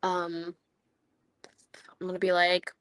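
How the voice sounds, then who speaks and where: A woman playing a tabletop game who talks in a relaxed, giggly way. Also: on the low side, slow. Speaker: player. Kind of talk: casual tabletop play.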